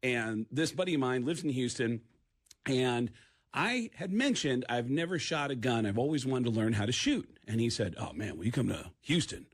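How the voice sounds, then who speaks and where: A man, a stand-up comedian, telling an animated story as a radio guest and acting out the people in it. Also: mid-range voice, normal speed. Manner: lively, acts out voices in his anecdotes.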